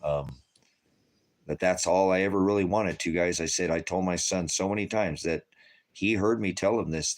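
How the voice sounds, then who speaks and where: Low-voiced emotional man preaching. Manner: rambling, emotional, often laughing and tearing up. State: tearful. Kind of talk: emotional personal testimony.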